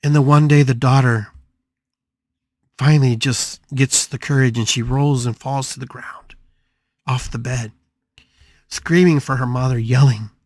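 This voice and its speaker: A man's voice: medium pitch, fairly even intonation, a little slow, long pauses, darkish tone, no room sound, clean studio sound. Dramatic male podcast storyteller. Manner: dramatic, emphatic, repeats phrases for effect. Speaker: podcast host. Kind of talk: spiritual storytelling talk.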